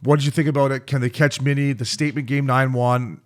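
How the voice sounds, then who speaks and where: Fast-talking, profane man co-hosting. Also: medium pitch, steady tone. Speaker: podcast co-host, former junior hockey player. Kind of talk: casual sports chat.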